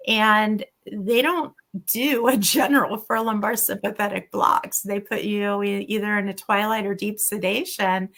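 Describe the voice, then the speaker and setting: A middle-aged woman, a physician who was once a patient herself, tells her own story candidly as an interview guest. Her medium-pitched voice has vocal fry and a measured pace with hardly any pauses, and she narrates with animation, quoting dialogue.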